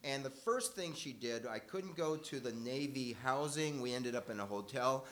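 A man's voice: mid-range voice, moderate pace, a bit bright. An older man telling a personal story live to an audience, conversational and wry, correcting himself as he goes.

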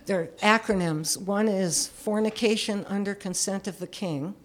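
A woman's voice: medium pitch, a little slow. A woman in her seventies telling a personal story in a candid, self-deprecating way, often chuckling. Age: 70s.

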